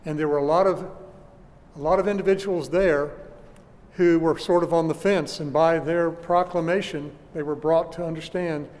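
A man preaching a sermon, teaching church history deliberately with frequent restarts, recorded in a church hall. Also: a little high, fairly even intonation, a little mellow. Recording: long hall reverb.

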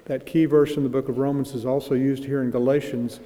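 A man's voice: mid-range voice, flat delivery, warm tone. Man preaching in a reverberant hall. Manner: reads scripture aloud with rising emphasis, slows on key phrases. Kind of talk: expository Bible teaching.

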